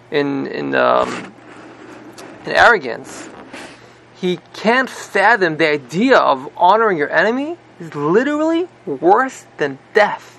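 A male teacher retells a story in a lively, casual class, tagging nearly every sentence with "right?" and restarting often. His voice is high, gravelly and bright. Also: a little hiss or hum. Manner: animated, repeats "right?" constantly, many restarts. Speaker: religious teacher.

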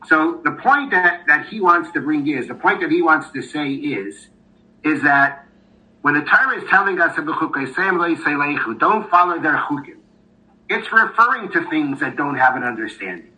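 A man's voice: fairly high pitch, animated, moderate pace, pushed and bright, poor audio. A man giving a Torah class in a thoughtful way, with many fillers and restarts as he explains a text and reads a story aloud. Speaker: Torah teacher.

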